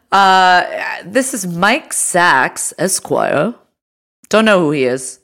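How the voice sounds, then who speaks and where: A woman's voice: on the low side, fairly bright tone. A woman co-hosting a podcast, chatting casually with lots of fillers and restarts. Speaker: podcast co-host. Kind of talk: casual chat.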